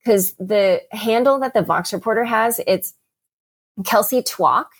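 A woman's voice: mid-range voice, a little slow, husky. A woman interviewing a guest, conversational and hesitant with fillers. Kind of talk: casual interview chat.

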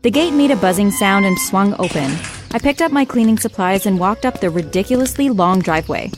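A woman tells a first-person story in a wry, lively manner, with her voice sitting at a middle pitch. Soft music plays faintly behind her. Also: brisk.

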